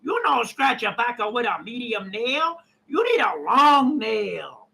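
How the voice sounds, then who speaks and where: Man doing a nail salon worker, pushy, scolding, loud, high, broken phrasing. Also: animated, takes it slowly, creaky, heavily acted.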